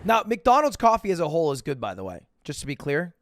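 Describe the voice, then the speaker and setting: A young adult man giving casual, joking commentary while reacting to videos on a live stream. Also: a little high. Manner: joking, animated, quick asides.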